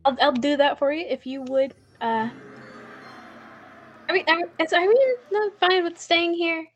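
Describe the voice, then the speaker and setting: A woman's voice: very high voice, fairly even intonation, a little slow. A woman playing a tabletop role-playing game, talking in a playful way. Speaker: player.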